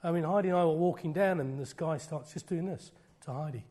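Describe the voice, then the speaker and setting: This middle-aged preacher has a slightly high voice and a brisk pace. His sermon veers from booming declarations to quiet lines spoken almost in a whisper.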